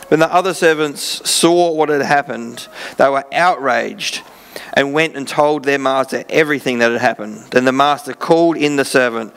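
A man's voice: mid-range voice, fairly bright tone. A man preaching a sermon in church, reading scripture with joking asides in a casual way. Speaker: pastor.

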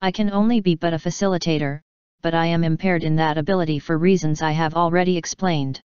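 A woman voicing a calm, wise female narrative spirit in a storybook reading, earnest and measured. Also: deep voice, clear, resonant tone, no echo, muffled recording, close to an everyday voice.

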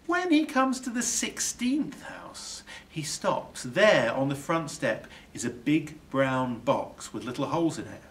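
A male teacher reads a children's picture book aloud with very lively expressive storytelling. His voice rises and falls widely and drops low for drama. He sounds slightly distant from the microphone. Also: unhurried, few pauses, a little hiss or hum.

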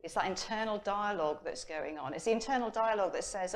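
A middle-aged woman from England, a personal development coach, speaking at a conference and telling stories with lively acted-out inner voices. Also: mid-range voice, fast, few pauses. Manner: lively storytelling, acts out her inner voice. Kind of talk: conference talk. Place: conference hall.

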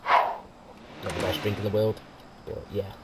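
A man's voice: lowish voice, level tone, moderate pace, heavy background noise. Chatty young man narrating gameplay. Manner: chatty, rambling, laughs often. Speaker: gameplay commentator. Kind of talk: casual let's-play commentary. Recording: quiet home mic with music behind.

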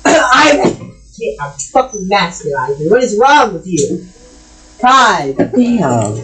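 A woman chatting casually while gaming, loudly scolding her cat, swearing and laughing. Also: mid-range voice, big pitch swings, slow, breathy edge, rough recording. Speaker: gamer.

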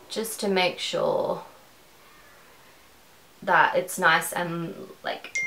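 Chatty Australian woman, gravelly edge. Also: medium pitch, a bit bright, reverberant, slight background noise, poor audio. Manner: rambling, conversational. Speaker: beauty vlogger. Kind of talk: chatty makeup tutorial.

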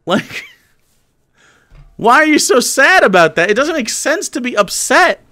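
Young male streamer, casual, incredulous, high and very animated delivery. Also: a little slow. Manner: exasperated, incredulous, swearing freely. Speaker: streamer reacting to a video. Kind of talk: casual live-stream commentary.

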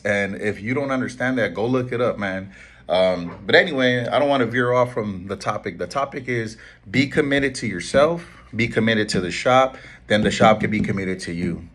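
A man's voice: on the low side, a bit bright. A middle-aged man, a barber and shop owner, giving an earnest motivational talk that pleads with his listeners and repeats key lines.

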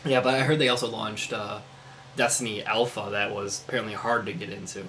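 A man's voice: lowish voice, fairly even intonation, brisk, sharp tone, a little hiss or hum. A young man co-hosting a casual let's-play, chatty and laughing often as he tells stories. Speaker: co-host gaming commentator.

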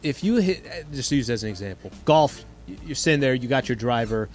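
A man's voice: mid-range voice, lively intonation, brisk, soft background music. A man hosting a sports radio show, keeping the segment moving in casual chat. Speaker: radio host.

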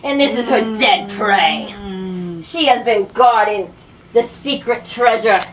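A woman's voice: fairly high pitch, takes it slowly. A young woman putting on a mock Australian drawl to play a cheery female wildlife show presenter in a homemade skit. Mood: chirpy. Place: bedroom at a sleepover. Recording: echoey room, distant camera mic, noisy.

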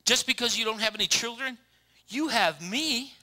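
A man doing the voice of an exasperated ancient husband, high and loud in comic exaggeration. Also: expressive, moderate pace, exaggerated voice. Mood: mocking, exasperated.

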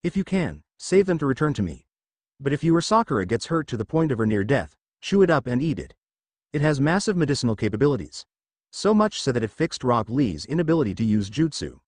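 A man voicing a cheerful young male ninja giving calm advice in a read-aloud fan story. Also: mid-range voice, fairly quick, no echo, clean studio sound. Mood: advising.

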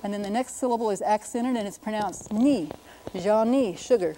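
Middle-aged woman lecturing on sounds, patient and careful, mellow voice, little bit of hiss behind. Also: mid-range voice, a little fast, low-quality recording. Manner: patient, explanatory, demonstrates pronunciations. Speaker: linguist presenter. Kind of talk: educational lecture.

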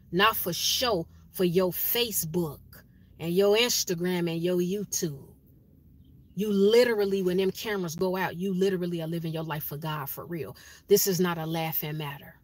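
A woman, giving a blunt, preachy monologue in casual vlog style and hammering home her points with repeated phrases. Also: lowish voice. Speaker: spiritual vlogger.

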